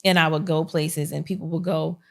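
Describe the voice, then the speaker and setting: Woman podcast host, low gravelly voice, chatty storyteller who laughs easily. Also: brisk. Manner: lively storyteller who acts out quotes and laughs often. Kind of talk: casual sit-down chat.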